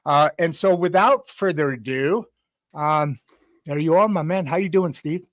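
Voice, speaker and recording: A man's voice: on the high side, a little slow. A man hosting a casual podcast interview, rambling with many fillers and restarts. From United States. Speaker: host.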